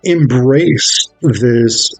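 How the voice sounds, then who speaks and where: A man's voice: mid-range voice, drawn-out words, no echo, soft background music, low-quality recording. A man reviewing a film in a casual, wry video essay, swearing freely as he talks.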